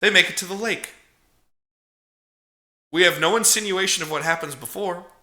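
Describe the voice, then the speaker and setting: Bright-voiced man in an echoey room. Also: sits high, normal speed. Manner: animated, profane, laughing storyteller. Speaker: podcast co-host. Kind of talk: casual movie recap.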